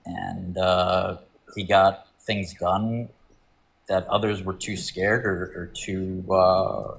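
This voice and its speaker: A man's voice: deep voice, slow pace, gravelly. A man calling into a live stream debate, making his case hesitantly with many fillers. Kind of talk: casual argument.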